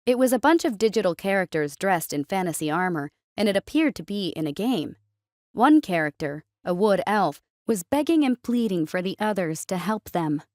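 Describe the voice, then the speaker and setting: Woman, story narrator, steady even reading, middle pitch, dry close sound. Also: normal speed, no room sound.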